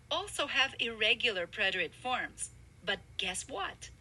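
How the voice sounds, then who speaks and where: A woman narrating a scripted grammar lesson, explaining clearly with emphasis. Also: fairly high pitch, very animated, measured pace, sharp tone, low-quality recording. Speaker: language instructor.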